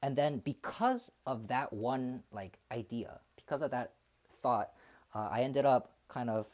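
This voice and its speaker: A man's voice: medium pitch, lively intonation, unhurried, a little mellow. A man in his twenties chatting on a livestream, thinking aloud in a hesitant, reflective way with many fillers and restarts. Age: 20s. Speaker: streamer. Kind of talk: casual livestream chat.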